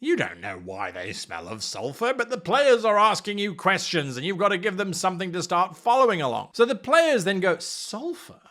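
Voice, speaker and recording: Enthusiastic male game-master coach, high voice, wide swoops, acts out players. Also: brisk, few pauses. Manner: animated, playfully acts out players and dabbles in accents. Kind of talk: enthusiastic advice video.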